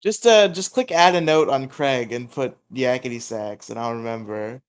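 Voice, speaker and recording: A man's voice: medium pitch, normal speed, smooth. A man co-hosting a podcast in casual chat, laid-back and rambling, often chuckling. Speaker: podcast co-host.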